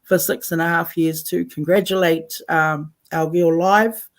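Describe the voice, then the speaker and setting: A woman's voice: fairly low pitch, steady tone, unhurried. Effusive New Zealand woman radio host. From Taranaki, New Zealand. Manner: effusive, switches between Māori and English. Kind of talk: live community radio chat.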